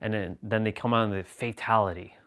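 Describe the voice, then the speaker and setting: Low-voiced man rambling on a live stream. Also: fairly even intonation, brisk, a bit bright. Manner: rambling, joking, reacting to chat. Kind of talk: casual live stream chat.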